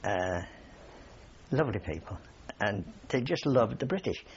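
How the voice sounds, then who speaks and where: A man's voice: fairly low pitch, animated, measured pace, muffled recording, a little hiss or hum. An older man, a war veteran, telling rambling anecdotes in an oral history interview and chuckling often.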